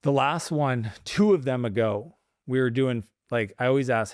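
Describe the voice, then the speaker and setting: A man in his forties talks through personal stories on a podcast. His voice sits in an average register and he slips into animated little impressions of others. The sound is close and dry. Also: medium pitch, moderate pace, no room sound. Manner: animated storytelling, acts out dialogue. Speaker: guest entrepreneur. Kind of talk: casual podcast conversation.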